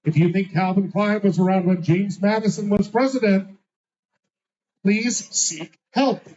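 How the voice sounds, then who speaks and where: Snarky trivia host guy, kinda high voice, muffled lo-fi sound. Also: a little slow, a little mellow. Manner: sarcastic, teasing. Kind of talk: live trivia night hosting. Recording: dull lo-fi sound.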